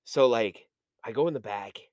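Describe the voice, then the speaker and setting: A man's voice: medium pitch, normal speed, a little mellow, dry recording. A man who is a podcast guest, telling a casual, rambling story full of "like" and "um" and acting out his own past conversations.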